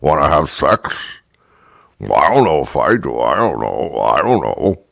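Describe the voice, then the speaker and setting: A man putting on a dim, mumbling bartender who plays dumb, in a low, evasive mutter. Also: very animated, measured pace, gravelly, a bit bright, no echo, clean studio sound, heavily acted.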